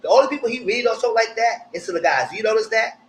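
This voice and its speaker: Man, live-stream TV recapper, casual and opinionated, a touch high-voiced, with a faint background hiss. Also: fast talker, low-quality recording. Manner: animated, jumps high when quoting people; blunt, slangy, opinionated.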